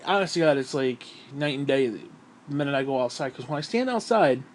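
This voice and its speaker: A man's voice: medium pitch, animated, brisk, slight background noise. A man talking through a profane, rambling vlog monologue, short of breath and sighing often. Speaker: vlogger.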